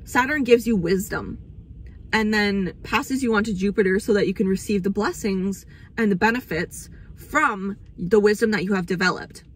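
Her pitch sits in the middle and her pace is moderate, with a breathy quality to the voice. She's a young woman running an astrology channel, rambling casually about spiritual matters, swearing freely and getting emotional now and then.

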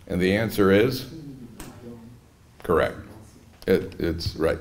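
A middle-aged man giving a humorous Torah lecture on marriage, telling stories and swinging between soft asides and emphatic peaks. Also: fairly low pitch, measured pace, pauses often. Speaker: rabbi lecturer.

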